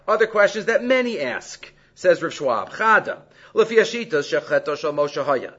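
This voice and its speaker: A man giving a Torah class, reading Hebrew quotes and explaining them in English with animated emphasis. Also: fairly high pitch, normal speed, muffled recording. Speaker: Torah teacher.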